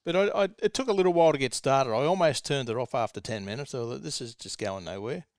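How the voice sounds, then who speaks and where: An Australian man with a smooth, clear voice at an ordinary pitch, chatting sincerely and easily on a podcast. The sound is close and dry. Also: animated, quick pace, a little mellow, no echo. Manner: easygoing, sincere, brief replies. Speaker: podcast co-host. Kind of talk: casual chat.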